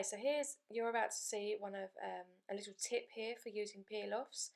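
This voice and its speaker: Gravelly-voiced woman narrating a crafting tutorial. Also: mid-range voice. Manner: chatty, explains steps as she goes. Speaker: card-making channel host.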